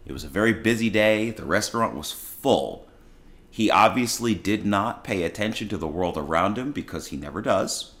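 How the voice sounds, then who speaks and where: A man's voice: lowish voice, lively intonation, moderate pace, a bit bright. A man hosting his own show, telling a blunt, exasperated story about a customer at the restaurant where he works. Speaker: podcast host and restaurant worker. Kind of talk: casual storytelling monologue.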